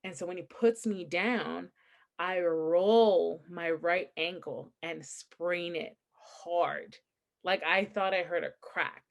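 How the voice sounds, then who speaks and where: A young adult woman in relaxed conversation with a friend. She tells stories with energy, laughing often and acting out what people said. Her voice jumps up for punchlines and drops low for confessions. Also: slow pace, creaky. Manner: animated storytelling, laughs often, acts out quotes. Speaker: podcast co-host. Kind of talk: casual chat.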